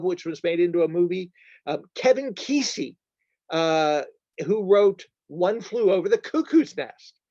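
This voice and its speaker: A man's voice: sits high, darkish tone, no room sound. A man speaks in a slightly raised register, chatty and digressive, stopping to fix his own phrasing as he goes. The recording is dry and somewhat muffled, with little room sound. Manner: chatty, digressive, frequent self-corrections. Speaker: bookseller giving a talk. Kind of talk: informal lecture. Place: church.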